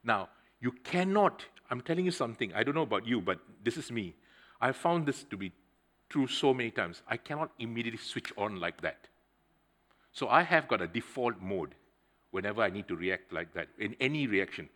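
A man's voice: mid-range voice, moderate pace. Conversational middle-aged male preacher. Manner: conversational, addresses the congregation directly; animated storytelling with swings in loudness. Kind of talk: sermon with personal anecdote.

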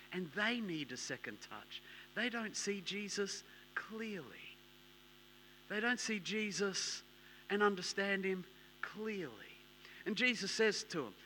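Male preacher, slightly high voice, bright and emphatic, repetitive sermon delivery. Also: a little hiss or hum. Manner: emphatic, repetitive, swings between hushed and loud.

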